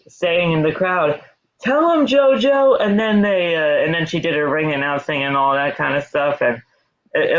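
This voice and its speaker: A man's voice: a little high, fairly bright tone. A man hosting a casual wrestling podcast, recapping matches in a rambling way with fillers and restarts. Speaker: podcast host. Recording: muffled lo-fi audio.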